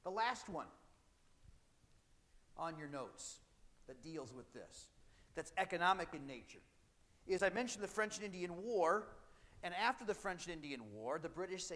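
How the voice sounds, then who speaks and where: A man's voice: fairly high pitch, animated, moderate pace, fairly bright tone, in a large hall. A male history teacher giving a classroom lecture in a conversational way, now and then acting out historical speakers. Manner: conversational, acts out British and colonist voices.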